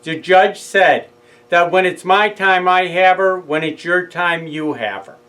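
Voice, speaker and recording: A middle-aged man with a New York accent tells his own story at an unhurried pace. His voice sits a little high for a man. He slips into both sides of a heated phone argument as he retells it. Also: pushed and bright, poor audio. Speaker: speaker recounting a legal case. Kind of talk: casual storytelling monologue.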